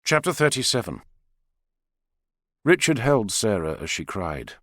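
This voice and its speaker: A man narrating an audiobook in an expressive, dramatic style. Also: fairly low pitch, measured pace, no echo, clean studio sound. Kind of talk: scripted narration.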